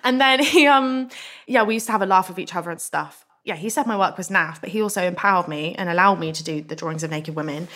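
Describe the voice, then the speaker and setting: A young woman, a guest in a casual interview, telling stories frankly, animated and swearing freely. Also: lowish voice, fast talker, few pauses. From England.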